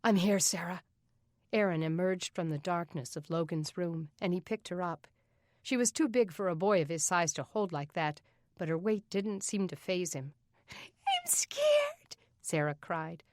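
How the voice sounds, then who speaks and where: A woman narrating an audiobook in an even, steady reading voice. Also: lowish voice, normal speed, no room sound, clean studio sound. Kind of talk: scripted narration.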